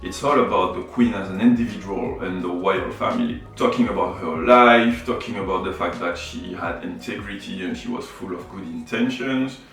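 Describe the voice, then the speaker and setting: A man from Martinique talks through his ideas in a relaxed, explanatory vlog, often checking in with the listener. His voice sits fairly low and carries a strong echo. He sounds set back from the mic, with faint music underneath. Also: moderate pace, few pauses, distant mic. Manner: explanatory, repeats "right?" and "you know". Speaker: photography YouTuber. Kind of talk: reflective vlog talk.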